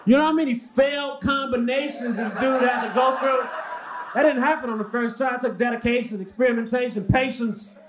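A man performing a stand-up comedy routine on a club stage, with a dry, deadpan delivery. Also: very high voice, fairly quick. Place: comedy club stage before a live audience. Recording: noisy live stand-up recording.

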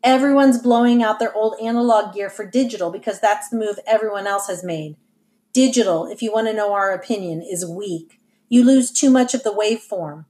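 An eager teenage boy musician, friendly and upbeat, as a woman reads him in an audiobook. He explains earnestly, his voice lifting a little on his points. The pitch stays near the middle. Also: fairly quick, warm tone, natural voice.

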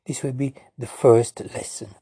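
Italian-accented father, casual home lesson, slow and patient, husky warm tone. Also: medium pitch, level tone, no room sound, studio quality. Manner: patient, repeats words slowly and coaxes the listener. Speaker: father teaching his daughter.

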